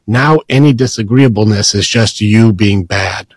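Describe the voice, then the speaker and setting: Man, assertive, declarative lecture style, slightly low voice, dry sound. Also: unhurried, dry recording.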